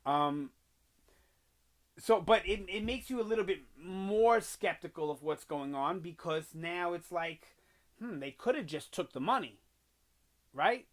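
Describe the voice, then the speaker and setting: A man's voice: high voice, lively intonation, a little slow. A man casually reviewing a TV episode, rambling with many fillers and restarts as he retells scenes, recorded on a home microphone. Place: home room with an echo he notices.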